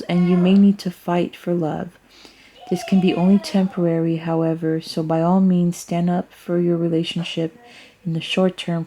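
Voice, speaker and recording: A woman talks through a casual tarot reading at an unhurried, drawn-out pace. Her voice sits a little low and has a mellow, dark tone. She rambles as she thinks aloud and speaks frankly, swearing freely. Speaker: tarot reader.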